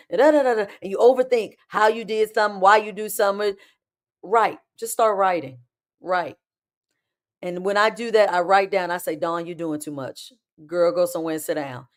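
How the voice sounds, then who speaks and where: A woman hosting a live spiritual talk show, chatting emphatically with her viewers and calling them y'all and baby. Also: mid-range voice. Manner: acts out inner voices in quick asides.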